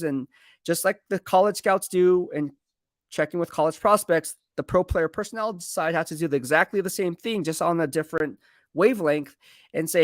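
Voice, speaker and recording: A man's voice: a little high, moderate pace, dry recording, studio quality. A man, a sports beat writer, talking through team moves on a casual live stream in a rambling, conversational way and reading viewer comments aloud. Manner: rambling, conversational, self-correcting.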